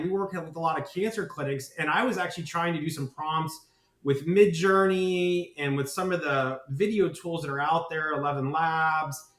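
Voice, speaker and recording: A man with a slightly higher voice talks at length as a podcast guest. His delivery is eager and runs on, full of asides, and he keeps checking in with "right?". The sound carries a noticeable room echo. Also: fairly bright tone. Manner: enthusiastic, rambling, with many "right?" tags. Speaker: guest, marketing agency founder. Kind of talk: podcast interview.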